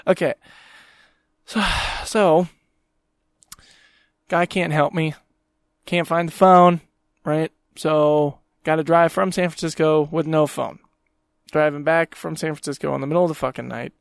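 A man's voice: fairly high pitch, measured pace, creaky, pauses often, no echo. A young man hosting a podcast, ranting and swearing in an exasperated monologue. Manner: exasperated, swears constantly, mocks people in quoted voices. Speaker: podcast host.

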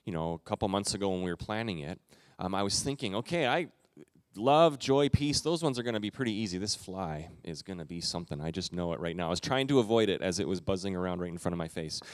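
A middle-aged man preaching a sermon as the pastor of his church, telling stories in a relaxed, conversational way with quick asides. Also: low-pitched, no room sound. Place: church sanctuary.

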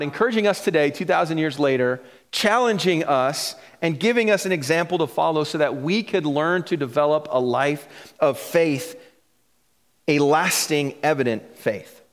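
A man's voice: a little high, long reverb tail. A male pastor preaching a sermon in a conversational style, drawing out key phrases and chuckling now and then.

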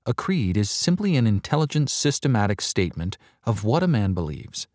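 A man preaching a sermon to a large crowd, earnest and measured, driving points home with slow, emphatic repetition. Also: on the low side, big pitch swings, a little mellow, no echo, studio quality. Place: large hall before a crowd.

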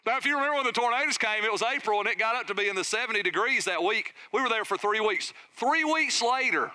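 A middle-aged man, a pastor preaching a sermon with energetic storytelling and questions to his congregation. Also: very high voice, a little fast, clean tone, no echo.

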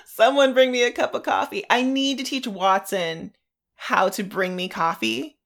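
A woman's voice: fairly high pitch, fairly even intonation, normal speed, gravelly, fairly bright tone. Woman podcast co-host, casual chat, laughs often, rambles, sleepy. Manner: giggly and rambling. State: tired, short on coffee.

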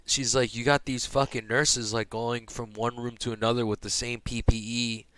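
A young man casually telling a hospital story, profane and animated, acting out the people he quotes. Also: medium pitch, moderate pace, clean tone, no room sound.

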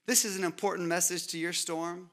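A man preaching a sermon as pastor, with dramatic pauses and repeated rhetorical buildups, dropping to a hush on scripture quotes. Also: high-pitched, flat delivery.

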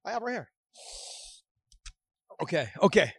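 A man's voice: sits high, sing-song, a little slow, fairly bright tone, breathy edge, no echo, clean studio sound. A man co-hosting a podcast, sweating and teary as he suffers through a hot chip, groaning and laughing. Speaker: podcast co-host. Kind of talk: casual chat while eating a hot chip.

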